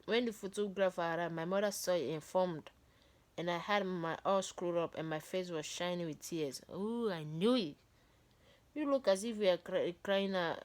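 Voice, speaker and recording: Woman reading a book aloud. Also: fairly low pitch. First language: not English. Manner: breaks off reading to comment and joke. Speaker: book reader.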